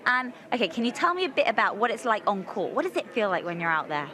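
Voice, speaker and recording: A woman's voice: on the high side, sing-song, fast, crowd noise. A woman presenter interviewing people outdoors at a tennis venue and hosting a game, bubbly, cheering and encouraging.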